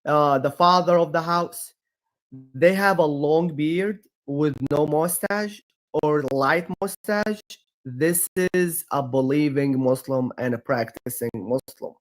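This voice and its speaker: A man's voice: fairly high pitch, takes it slowly. A man from Iraq with an Iraqi accent, a guest on a livestream, telling stories emphatically and repeating himself as he restarts phrases. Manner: repetitive, emphatic storytelling with frequent restarts. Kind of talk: casual debate-stream chat.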